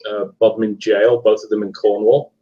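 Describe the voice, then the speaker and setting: A middle-aged man from England with a Leicester accent softened by years abroad, chatting as a podcast guest, hesitant and full of ums and restarts. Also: lowish voice, little pitch movement, moderate pace, muffled recording. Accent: Leicester English, partly Americanized. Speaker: guest author and paranormal investigator. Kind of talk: casual live podcast chat.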